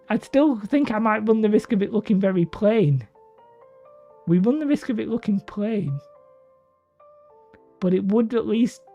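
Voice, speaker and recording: A woman's voice: mid-range voice, vocal fry, warm tone. A woman hosting a hobby livestream, chatting casually with viewers and rambling between laughs. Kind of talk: casual livestream chat reading viewer comments. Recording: dull lo-fi stream audio with faint music.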